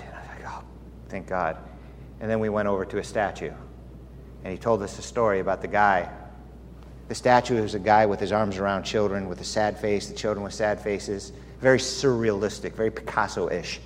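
A man's voice: on the low side, slight background noise. A man preaching as a pastor, earnest and confiding as he tells a personal story within a sermon. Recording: long hall reverb, faint ambience.

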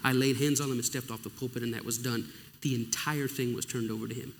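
A man's voice: mid-range voice, fairly even intonation, quick pace, a little hiss or hum. A middle-aged male pastor telling his story in a sermon, with emotional storytelling and acted-out dialogue. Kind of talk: sermon testimony. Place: church or conference hall. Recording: long reverb of a large hall.

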